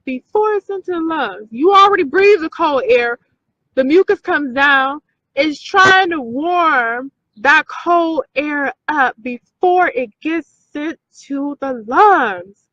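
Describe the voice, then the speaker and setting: Woman, high bright voice, slow emphatic talk, repeats herself, dry lo-fi sound. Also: lively intonation, no room sound. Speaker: video host. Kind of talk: casual talk to viewers.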